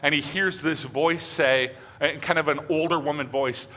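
A man's voice: fairly high pitch, steady tone, normal speed, few pauses, pushed and bright, long reverb tail, slight background noise. A male pastor preaching a sermon in an easy, conversational way, with plenty of fillers. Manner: conversational, loose, with many fillers.

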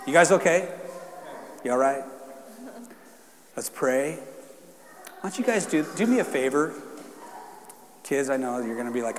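A man's voice: medium pitch, lively intonation, measured pace, pauses often. A man preaching a sermon to his congregation in a casual, conversational way, then leading a fervent prayer. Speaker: pastor. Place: church sanctuary. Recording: long reverb in a church hall.

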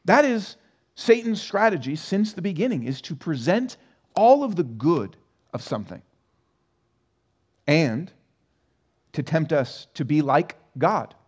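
Animated male pastor preaching conversationally. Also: a little high, unhurried, long pauses, breathy edge. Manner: conversational and animated, rhetorical questions. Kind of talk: sermon. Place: church sanctuary.

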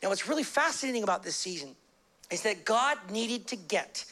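A male pastor giving a conversational sermon, acting out quick little voices and shifting his pace and pitch a lot. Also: sing-song, bright, forceful tone.

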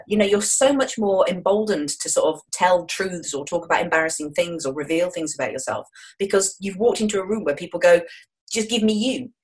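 A woman in her forties, a guest in an interview, telling stories in a frank, jokey, lively way. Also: on the low side. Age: 40s. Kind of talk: interview chat.

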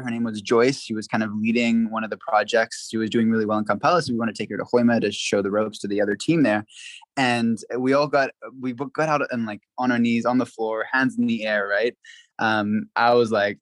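Guy telling a wild story on a podcast, animated, keeps saying like, dry room. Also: medium pitch, dry recording, low-quality recording. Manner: animated, acts out quotes, frequent "like" fillers. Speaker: podcast guest. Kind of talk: casual storytelling.

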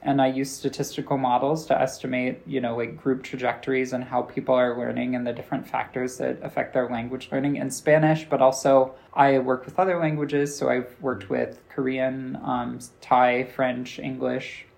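A man's voice: medium pitch, little pitch movement, normal speed, vocal fry, few pauses, darkish tone. A man with an American accent, a professor answering interview questions in a loose, chatty way, full of "like" fillers and acted-out dialogue. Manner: chatty storyteller, acts out quoted dialogue, many "like" fillers. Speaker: interview guest, linguistics professor.

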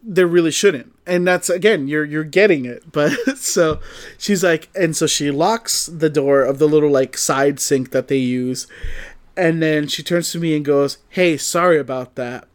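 A young man with a slightly higher voice tells a rambling anecdote in casual chat. He acts out each quoted line and laughs often, swearing freely. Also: unhurried. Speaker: podcast co-host telling a story.

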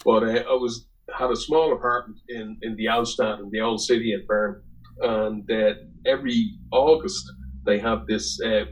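A man's voice: lowish voice, low-quality recording. An Irish man, a guest on a podcast, telling a rambling, salty anecdote in casual chat. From Ireland. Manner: rambling, salty storyteller who swears.

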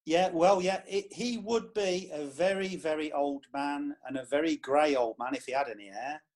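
A man who is a club historian, telling lively anecdotes in a podcast chat. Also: on the high side, moderate pace.

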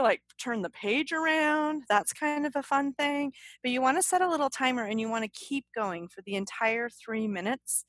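A woman's voice: on the high side, a bit bright, dry recording. A woman co-hosting a casual podcast in an upbeat, chatty way. She keeps circling back with ums and restarts. The sound is dry and close, with no room around her voice. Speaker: podcast co-host.

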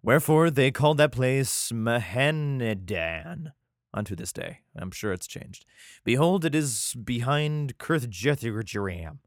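A man reads old scripture aloud and keeps cutting in with sarcastic, profane jokes. His voice rises and falls in a lively way, and the sound is close and dry with no room echo. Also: medium pitch, slow. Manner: irreverent, sarcastic profane asides. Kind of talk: reading scripture aloud with comedic commentary.

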